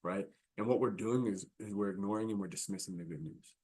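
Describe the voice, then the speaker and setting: A man's voice: lowish voice, a little fast, mellow, breathy edge. A man giving a conference talk in a conversational style, often checking in with his audience by asking "right?". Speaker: keynote speaker. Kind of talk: conference talk with acted examples.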